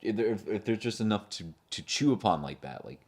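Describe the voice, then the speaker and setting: A young man with a very low voice co-hosts a loose movie chat. He rambles, restarts his sentences and jokes around as he goes. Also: animated, fairly quick, darkish tone. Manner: rambling, lots of fillers and restarts, jokey. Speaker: podcast co-host.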